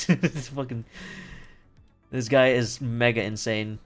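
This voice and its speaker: A man's voice: mid-range voice, little pitch movement, a little fast, long pauses, fairly bright tone, smooth. A man streaming from home, recapping a play in casual chat, rambling and swearing with lots of fillers and restarts. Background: faint background music.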